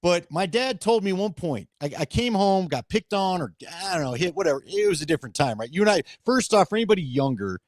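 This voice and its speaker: High-voiced man, dry close sound. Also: big pitch swings, fast, hardly any pauses, no room sound. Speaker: host. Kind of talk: casual sports talk.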